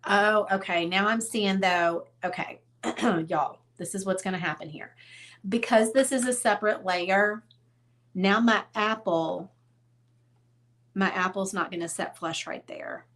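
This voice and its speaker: A woman's voice: medium pitch, measured pace, fairly bright tone. Chatty woman teaching crafts. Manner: chatty, self-teasing, talks straight to viewers. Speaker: craft tutorial host. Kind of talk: casual painting tutorial.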